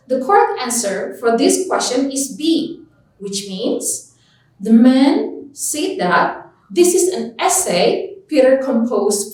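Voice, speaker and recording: A woman English tutor, a native Indonesian speaker, explains listening tips at an unhurried pace, her fairly high voice rising and falling widely as she stresses example words. She sits back from the microphone in a room with a heavy echo. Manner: slow, emphatic, repeats example words with lively stress. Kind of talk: teaching lesson. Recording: echoey room, voice far from mic.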